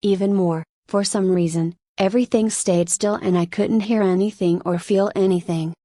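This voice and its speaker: A woman's voice: mid-range voice, steady tone, moderate pace, warm tone, no echo, clean studio sound. A woman narrating a light novel audiobook in the first person, with plain storytelling. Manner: plain storytelling with brief voiced exclamations.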